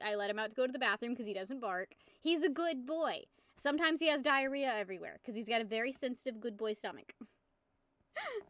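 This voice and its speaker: Woman streamer, twenties, high voice, casual rambling chat, laughs a lot, curses, dry room. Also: fairly bright tone, no echo. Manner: rambling, giggly, swears freely.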